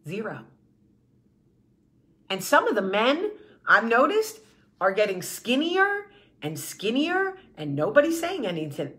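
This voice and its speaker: Hosting her vlog, a woman delivers a passionate, blunt monologue full of swearing and repeated rallying phrases. Her voice is high-pitched and sharp.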